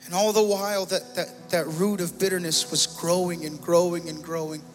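A man's voice: high voice, level tone, normal speed, big-room sound, faint music behind. A male pastor preaching a sermon as a personal testimony, often repeating himself and rising in intensity. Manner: personal testimony, growing emotional and loud. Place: church sanctuary.

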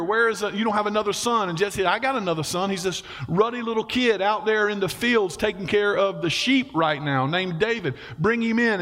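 High-voiced preacher in echoing hall. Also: male voice, a bit bright. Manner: folksy, acts out voices of characters. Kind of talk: casual storytelling sermon. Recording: long hall reverb.

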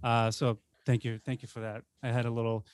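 An eager male podcast host speaks over a video call in a dry, close sound. He sits at a middle pitch and talks with enthusiasm, laughing readily between thoughts. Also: a little fast, no room sound. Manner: enthusiastic, excitable, laughs and swears. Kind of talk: casual chat.

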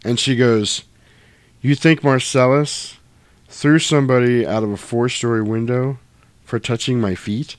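A man's voice: mid-range voice, steady tone, unhurried, clean tone, no room sound. A man in casual chat, retelling a film scene, acting out the dialogue and swearing freely.

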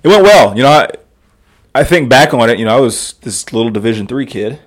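A man in his thirties, a podcast guest telling stories in an animated way and laughing often. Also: medium pitch, fairly quick. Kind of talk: casual storytelling.

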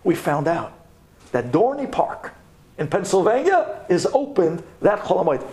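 Animated high-voiced rabbi telling a story. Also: male voice, unhurried, noisy background. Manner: animated, dramatic storytelling with sudden drops to a hush. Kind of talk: storytelling class talk.

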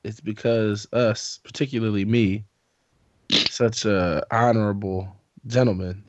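A man's voice: fairly low pitch, fairly even intonation, a little slow, highs cut off, slight background noise. A man co-hosting a podcast, slipping in dry, mock-solemn jokes during casual banter. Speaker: podcast co-host.

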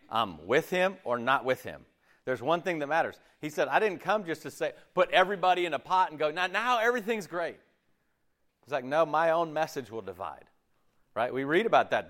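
Animated man preaching. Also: mid-range voice. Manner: animated, conversational preaching with voiced asides. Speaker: pastor. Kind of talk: sermon.

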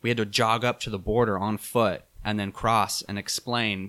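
A young man telling a travel story in a casual chat, animated and laughing, with many fillers. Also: fairly low pitch, moderate pace.

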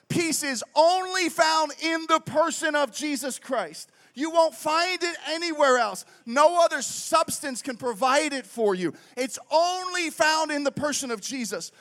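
High-voiced man preaching animatedly. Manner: animated, conversational, keeps asking "right?". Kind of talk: sermon with storytelling.

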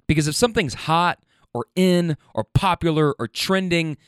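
A man's voice: a little high, normal speed, smooth, dry recording, studio quality. A man hosting a show, chatting loosely about clips he plays and laughing often between his rambling asides. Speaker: host reacting to clips. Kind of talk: casual commentary.

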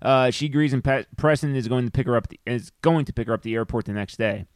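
Man, mid-pitched voice, podcast co-host, plot recap, dry asides, dead dry room. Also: fast, smooth, no room sound. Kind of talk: casual chat.

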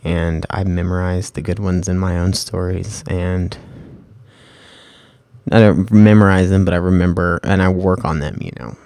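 A man giving a casual spoken writing lesson, rambling and correcting himself with lots of fillers, and reading passages aloud slowly. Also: low voice, fairly even intonation, a little mellow, dry recording, clean studio sound. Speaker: amateur fiction writer.

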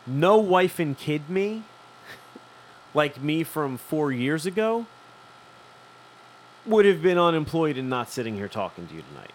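A man's voice: a little high, sing-song, unhurried, pauses often, slight background noise. A man, co-hosting a casual chat and acting out both sides of a profane story. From Philadelphia. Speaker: podcast co-host.

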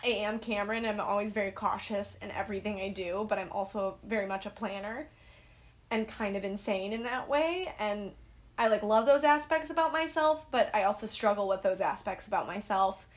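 A woman's voice: mid-range voice, normal speed. Young woman, middle voice, heartfelt and self-mocking, chatting on a video call. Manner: emotional, earnest, self-deprecating. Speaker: guest, writer and director. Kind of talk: casual video-call chat. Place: at home.

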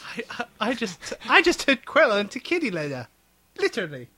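A man's voice: extremely high pitch, wildly swooping pitch, brisk, sharp tone. A man giving casual movie commentary with dry, critical remarks.

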